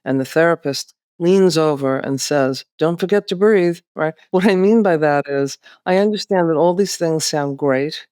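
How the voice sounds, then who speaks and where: A woman co-hosting a podcast, explaining things in a calm, reflective, therapeutic way. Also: low-pitched, normal speed, hardly any pauses, dry recording, studio quality. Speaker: podcast co-host.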